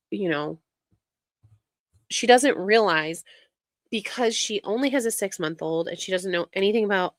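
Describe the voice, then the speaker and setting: A woman's voice: mid-range voice, a bit bright, dry recording, clean studio sound. Exasperated woman ranting over clips. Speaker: reaction commentator. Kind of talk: casual ranting commentary.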